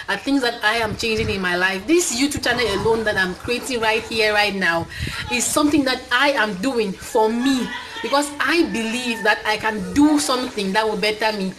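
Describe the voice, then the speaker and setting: A woman's voice: a little high, background noise. Chatty Cameroonian woman vlogging. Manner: chatty, upbeat, many fillers. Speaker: channel host. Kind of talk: casual vlog to camera. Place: indoors, talking to camera.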